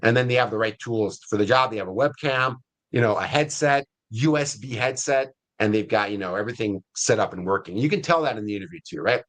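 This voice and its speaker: The guest on this webinar interview is a man, CEO of an ISA staffing firm, whose voice is fairly low with a fairly bright tone, moving fairly quickly. He keeps it conversational and regularly checks in using "right?" and "okay?"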